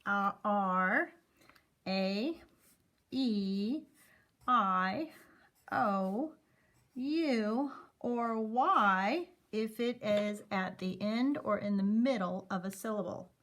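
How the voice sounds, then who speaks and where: A woman whose mid-range voice has a slight brightness teaches phonics to young learners. She encourages the kids as she sounds out letters slowly and clearly.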